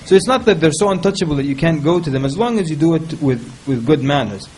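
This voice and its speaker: A man speaking on a panel, giving advice in a lively, humorous way and mimicking people in quick quoted asides. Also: on the high side, low-quality recording. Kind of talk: casual panel talk.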